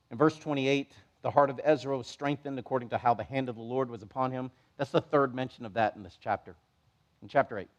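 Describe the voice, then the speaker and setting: Guy preaching a midweek bible study, slightly higher voice, chatty and lively, does little voices for quotes. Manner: conversational, animated, acts out quoted voices. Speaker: pastor. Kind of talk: expository Bible teaching sermon. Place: church.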